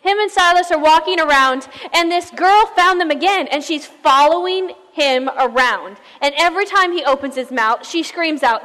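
A woman pastor telling a story in a sermon, in a lively conversational way, asking the listeners questions. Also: high-pitched, moderate pace, few pauses, long reverb tail.

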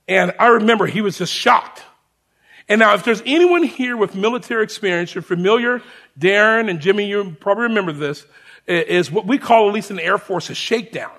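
A man preaching, telling a personal story to his congregation as a sermon. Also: sits high. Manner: animated storyteller addressing a congregation.

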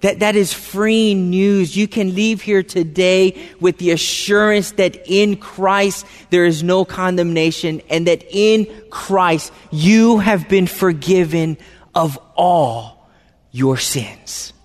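A man with a high voice preaches to a congregation, leaning on repeated phrases and direct questions to the room. His words ring out with a long reverb, as in a large church hall. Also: slow pace. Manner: conversational, asks the congregation questions; emphatic, repeats phrases for stress. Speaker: pastor. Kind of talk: sermon.

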